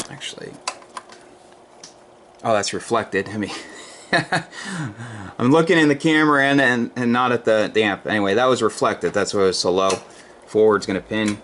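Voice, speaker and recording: A man's voice: medium pitch, lively intonation, normal speed, pauses often, a bit bright, a little hiss or hum. A tired amp repair technician talking casually in his workshop as he tests gear, rambling with restarts. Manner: rambling, restarts, talks while testing gear.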